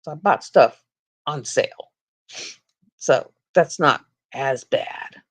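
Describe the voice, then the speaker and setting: A woman's voice: rumbling low, slow. A woman hosting a casual livestream, rambling chattily and telling stories with frequent laughs. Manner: chatty, storytelling, laughs often. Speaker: livestream host. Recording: dull lo-fi stream audio.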